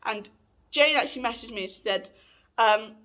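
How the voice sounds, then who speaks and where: A woman's voice: fairly high pitch, normal speed, fairly bright tone. A woman in her late twenties telling a personal story to camera in a chatty, rambling way, often correcting herself, recorded indoors at home. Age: late 20s. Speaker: vlogger.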